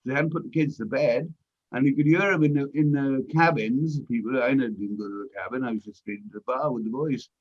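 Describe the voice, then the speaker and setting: A man's voice: mid-range voice, fairly quick. Profane older man telling stories, lo-fi. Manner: profane, animated anecdote-teller. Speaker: host. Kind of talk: casual chat. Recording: dull, lo-fi audio.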